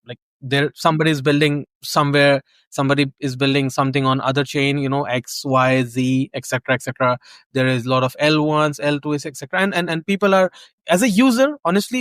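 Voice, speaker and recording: A man's voice: fairly high pitch, fairly bright tone, dry recording. A man, a podcast guest explaining an idea in casual talk, full of fillers and restarts.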